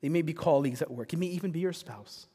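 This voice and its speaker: A man's voice: on the high side, quick pace, warm tone, husky. A man preaching a sermon as pastor, earnest and rising to passionate rhetorical questions. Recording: long reverb of a church hall.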